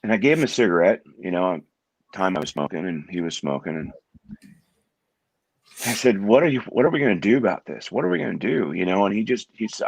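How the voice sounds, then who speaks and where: A middle-aged man from Washington State, a guest in an interview, talking in a halting way and often repeating words as he restarts his sentences. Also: on the low side, big pitch swings, creaky, no room sound. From Washington State, USA. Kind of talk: conversational interview.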